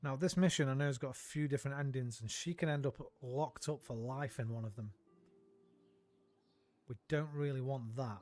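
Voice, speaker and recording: A man's voice: medium pitch, moderate pace, darkish tone. A young man rants and swears casually while streaming a game. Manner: sweary, ranting. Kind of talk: casual gameplay chat.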